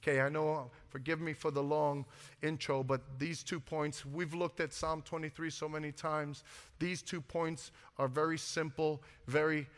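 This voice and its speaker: Preaching pastor in a reverberant hall. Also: male voice, on the high side, little pitch movement, moderate pace, a bit bright. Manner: preaching with call-and-response questions to the congregation. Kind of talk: sermon. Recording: music and long hall reverb.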